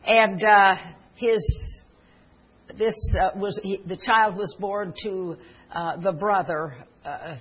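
A woman's voice: mid-range voice, fairly even intonation, slow pace, a bit bright, slightly rough, poor audio. A woman preaching a sermon, telling personal stories and building to earnest, emphatic exhortation.

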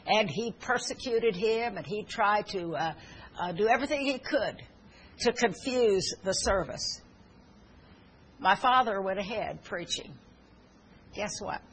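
A woman's voice: mid-range voice, lively intonation, measured pace, long pauses, a little hiss or hum, poor audio. A woman preaching a sermon, telling stories earnestly with fillers and restarts, and urging her listeners fervently.

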